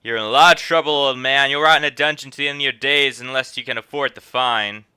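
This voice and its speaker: A man's voice: mid-range voice, steady tone, fast talker, sharp tone, clean tone, no echo, clean studio sound. An actor playing a harsh male patrol officer in a game cutscene, barking commands and threats. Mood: menacing.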